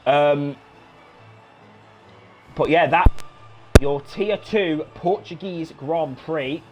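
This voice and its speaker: A young man giving live sim-racing commentary, excitable, swearing and shouting encouragement at the drivers. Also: fairly high pitch, extremely slow, loud music behind the voice. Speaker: race commentator.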